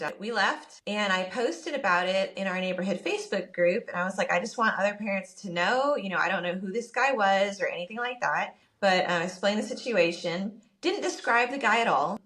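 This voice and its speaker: A woman podcast co-host telling a personal story in casual chat, animated and quick to quote what everyone said. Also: medium pitch. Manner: animated, quotes people in her story, rushes when upset.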